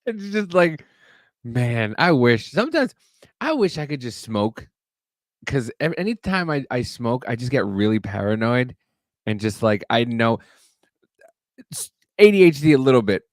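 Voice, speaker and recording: A man's voice: mid-range voice, very animated, a little slow, long pauses, dry recording. A man with a middle-range voice tells a rambling, profane story on a podcast. He jumps between self-mockery and exaggerated retellings. The sound is close and dry, with no room around it. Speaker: podcast co-host. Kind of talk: casual storytelling chat.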